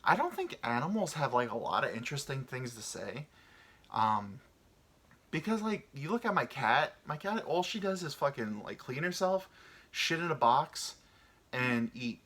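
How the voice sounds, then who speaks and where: A man's voice: medium pitch, big pitch swings, moderate pace, a bit bright, husky. A man in his thirties hosting a rambling solo chat. He meanders, muses aloud and swears casually, and he sounds tired from little sleep. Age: 30s. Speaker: podcast host.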